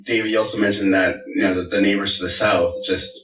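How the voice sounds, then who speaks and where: A man's voice: lowish voice, flat delivery, fast, a bit bright. A man co-hosting a podcast in casual chat, hesitant and trailing off. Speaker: podcast co-host. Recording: echoey room, far off.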